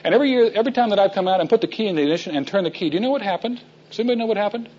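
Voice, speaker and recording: A man's voice: sits high, expressive, very fast, a little mellow, lo-fi sound, voice pushed up. A man doing a dry, wry rich host.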